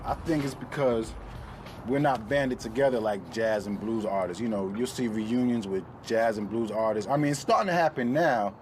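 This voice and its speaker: A man in a casual interview, talking in a relaxed, reflective way with lots of fillers. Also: mid-range voice, moderate pace, soft background music.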